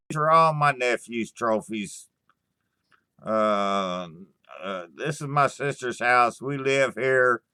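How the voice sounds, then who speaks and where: Slow, bright-voiced man rambling at stream chat. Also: mid-range voice, smooth, no echo, studio quality. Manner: halting, stammering restarts, frequent swearing; slow, sighing storytelling. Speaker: livestream host answering chat.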